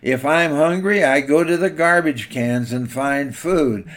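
A man's voice: on the high side, a little slow, close to an everyday voice. A man voicing a cocky male bulldog who mocks and boasts, in a storytelling sermon. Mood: taunting. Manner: mocking, boastful.

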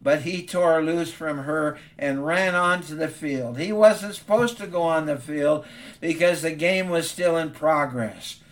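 Man preaching a heartfelt story sermon, earnest and stammering, voice on the higher side. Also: unhurried.

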